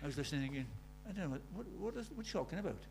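Older male preacher, high-pitched, earnest sermon delivery with soft asides and fervent peaks. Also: big pitch swings, racing, creaky, music in the background. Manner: earnest, swinging between soft and emphatic, acts out quoted prayers.

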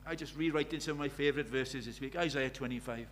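A middle-aged man preaching a sermon. He drops to near-whispers and then rises to loud, urgent questions. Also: mid-range voice, fast, a little hiss or hum. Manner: swings from hushed intimacy to loud urgent questions.

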